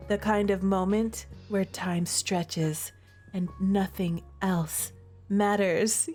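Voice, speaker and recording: A woman's voice: mid-range voice, fairly even intonation, slow, darkish tone, soft background music. A woman streamer reading a romance game's text aloud and reacting with dramatic, playful overreactions. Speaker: gaming streamer.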